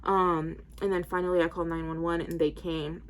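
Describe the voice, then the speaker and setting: Twenties woman, lowish voice, casual rambling vlogger, filler-heavy, styling her hair as she talks. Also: flat delivery, fairly quick. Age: 20s. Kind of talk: casual storytelling to camera.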